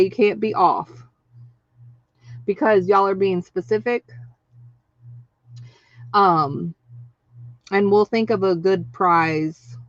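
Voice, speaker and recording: Woman livestream host, slow and chatty, excitable, dull dry lo-fi recording. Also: mid-range voice, no echo. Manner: chatty, excitable, laughs often, reads out viewer names. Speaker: craft channel host. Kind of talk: casual livestream chat.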